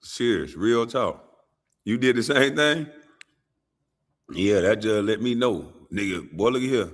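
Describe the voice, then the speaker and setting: A man hosting a show, talking in casual, animated and profane commentary. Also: fairly low pitch, measured pace. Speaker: show host.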